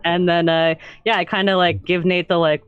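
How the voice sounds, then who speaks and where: A player describing their move over a headset in an online game, halting and hesitant. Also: mid-range voice, flat delivery, smooth, no room sound, phone-quality sound. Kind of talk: tabletop game play. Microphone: headset on an online call.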